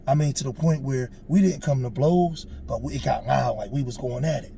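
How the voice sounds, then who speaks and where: A man's voice: mid-range voice, normal speed, creaky, few pauses, dark tone, slight background noise. A man in his forties telling a personal story in a casual, earnest way, with emphatic, preachy asides. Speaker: storyteller on a street interview show.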